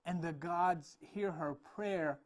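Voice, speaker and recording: A man's voice: on the high side, takes it slowly. A man retelling a myth in a loose, chatty way while pointing to paintings, with frequent restarts and small laughs. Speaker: speaker telling a myth about paintings. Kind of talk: casual storytelling talk.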